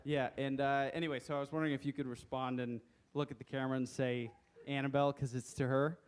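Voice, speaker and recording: A man's voice: medium pitch, level tone, fast, smooth. Nervous polite man asking a question. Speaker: audience member asking a question.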